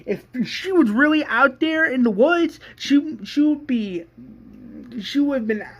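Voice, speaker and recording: A narrator voicing a hot-headed adult man who shouts in a strained, raised voice. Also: lively intonation, unhurried, highs cut off. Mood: angry shouting. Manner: shouting, heated, strained high voice.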